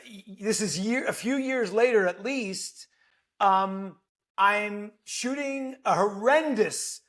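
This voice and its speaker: A middle-aged man, an actor guest, telling a lively, playful anecdote on a podcast. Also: high-pitched. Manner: lively storyteller, playful, self-deprecating.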